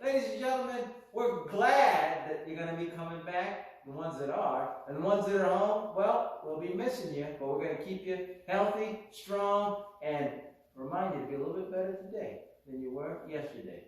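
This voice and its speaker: A male PE teacher making jokey, animated announcements to students. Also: high-pitched, moderate pace. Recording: echoey gym, distant mic.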